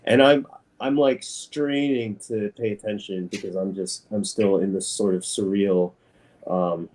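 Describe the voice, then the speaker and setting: A man chats in a casual interview as a guest artist. He tells his story with animation, jumping up in pitch when he quotes other people. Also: fairly even intonation, a little slow, a little mellow.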